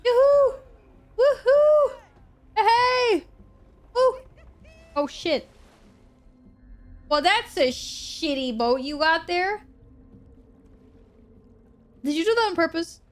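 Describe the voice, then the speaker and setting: A woman's voice: high-pitched, expressive, slow, pauses often, a bit bright. A woman streamer chatting casually and giggling with her chat as she plays. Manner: bubbly, giggly, talks to chat. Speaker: game streamer.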